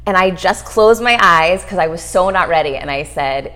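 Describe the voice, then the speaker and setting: A middle-aged woman guest telling a story fast and animated in an interview, acting out quotes as she goes. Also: on the low side. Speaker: guest, author and speaker.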